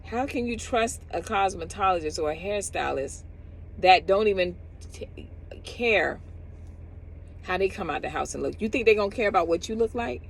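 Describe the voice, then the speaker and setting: A woman's voice: mid-range voice, moderate pace, gravelly, slight background noise, poor audio. A middle-aged woman, a cosmetologist giving casual advice outdoors and acting out other people's lines as she talks. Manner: animated, acts out others in quotes.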